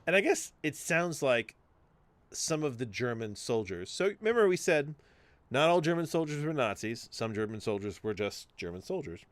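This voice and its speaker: A man's voice: medium pitch, big pitch swings, moderate pace, no echo. A male podcast host chatting casually and retelling a TV story, acting out the dialogue and swearing freely. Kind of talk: casual chat, retelling a TV show.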